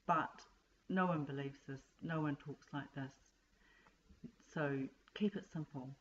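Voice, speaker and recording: A woman's voice: low voice, slow pace, highs cut off. A woman, a writing teacher giving plain, direct advice to students.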